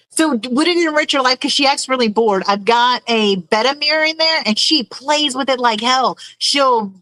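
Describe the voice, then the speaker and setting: A woman's voice: a little high, a bit bright, dry recording, poor audio. A woman hosting a casual livestream, chatting and reading viewers' messages aloud, often searching for words. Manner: rambling, reads chat aloud, searches for words. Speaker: livestream host.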